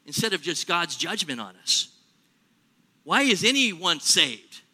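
A man preaching a sermon in a church, animated, acting out little everyday scenes in other voices. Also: fairly high pitch, unhurried, husky. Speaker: pastor.

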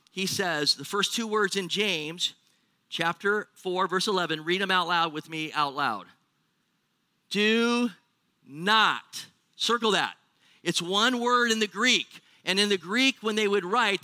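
A man's voice: sits high, pushed and bright, no room sound. A man with an American accent preaching a sermon to his church, joking with the congregation and asking them questions. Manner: jokey, asks the crowd questions. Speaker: pastor.

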